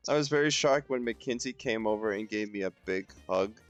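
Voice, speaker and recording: A man's voice: on the low side, brisk, faint music behind. A man reading a book aloud with friends for comedy, rambling and joking as he goes. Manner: rambling, joking, frequent restarts. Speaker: reader and co-host.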